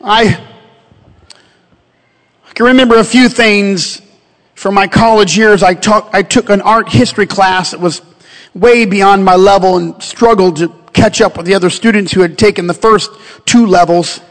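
A male pastor preaching a sermon, shifting from calm storytelling to loud, shouted exhortation. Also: high voice, moderate pace, long reverb tail.

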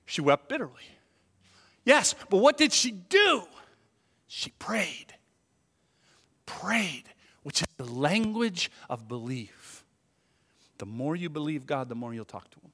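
A male pastor preaching a conversational sermon. He swings from hushed asides to loud, emphatic peaks and asks the congregation many rhetorical questions. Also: a little high, sing-song, slow pace, pauses often. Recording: long hall reverb.

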